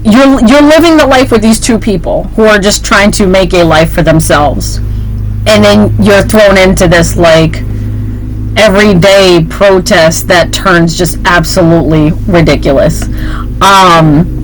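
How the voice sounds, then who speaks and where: A woman's voice: fairly low pitch, unhurried, soft background music, low-quality recording. A woman co-host in casual chat, rambling and laughing often.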